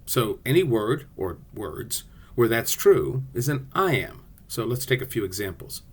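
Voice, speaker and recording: A man with a mid-range, husky voice teaches a class video at an unhurried pace. He explains poetic rhythm playfully, sounding out the beats. His teaching style is lively, and he sings out the rhythm syllables.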